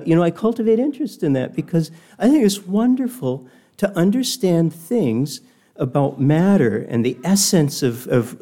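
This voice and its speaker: A man's voice: medium pitch, mellow. An older man giving a reflective personal talk, telling stories in a thoughtful, digressive way.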